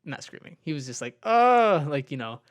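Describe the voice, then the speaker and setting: A man's voice: medium pitch, fairly even intonation, fast talker. Young guy cohosting a podcast, rambles through a story, says like a lot. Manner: rambling storytelling with many likes. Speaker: podcast co-host. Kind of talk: casual chat.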